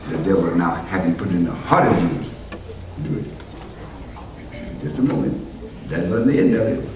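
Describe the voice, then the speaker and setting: Deep-voiced preacher in an echoey church. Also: male voice. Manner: preaching, rising to loud emphatic peaks; conversational asides and questions to the congregation. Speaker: pastor. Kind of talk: sermon. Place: church sanctuary. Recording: roomy church hall from far off, noisy.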